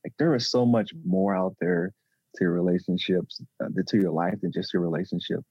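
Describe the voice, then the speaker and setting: A man, a relationship coach talking haltingly in a podcast interview. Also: low voice, creaky, husky, dry recording, muffled recording. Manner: halting, with many restarts and fillers.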